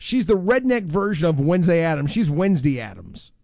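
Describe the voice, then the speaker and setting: A man hosting a radio show, telling a story in an animated, teasing way. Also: on the high side, brisk, vocal fry, no room sound, clean studio sound. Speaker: radio host. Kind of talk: morning radio banter. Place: radio studio.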